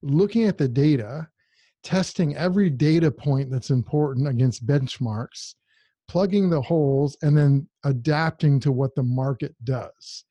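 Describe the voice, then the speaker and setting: A man's voice: on the high side, a little slow, dark tone, breathy edge, no room sound. A man co-hosting a podcast, talking in a direct, emphatic, casual way. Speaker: podcast co-host.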